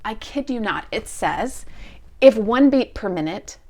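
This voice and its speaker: A middle-aged woman hosting a podcast, telling a story in an animated way and acting out both sides of a conversation. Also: fairly high pitch, measured pace. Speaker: podcast host. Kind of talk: storytelling monologue.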